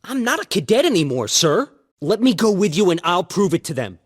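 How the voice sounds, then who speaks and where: A woman's voice: lowish voice, big pitch swings, brisk, breathy edge. An actress playing an impatient young male cadet who pleads insistently to fight in a game. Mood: pleading.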